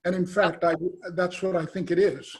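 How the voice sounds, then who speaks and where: Man, professor, academic Q&A, hesitant, halting, lots of uh, slightly high voice. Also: level tone. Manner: hesitant, halting, many "uh" and restarts. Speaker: professor asking a question. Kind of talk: academic Q&A question.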